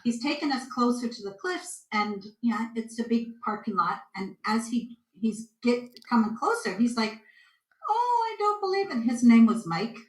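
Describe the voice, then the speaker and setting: Animated Canadian woman in an echoey room. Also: a little high, moderate pace, few pauses. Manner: animated storyteller, acts out quotes. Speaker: guest intuitive. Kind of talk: casual interview chat.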